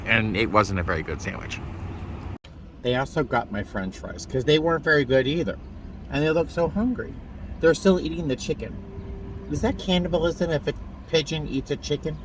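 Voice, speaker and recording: A man chatting excitedly to his phone camera in a casual travel vlog, self-deprecating and talkative. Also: medium pitch, a little hiss or hum. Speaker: flight attendant vlogger.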